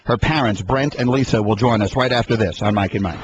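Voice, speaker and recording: A man hosting a sports talk radio show, giving earnest, measured introductions, heard over a dull broadcast with some hiss. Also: lowish voice. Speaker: host.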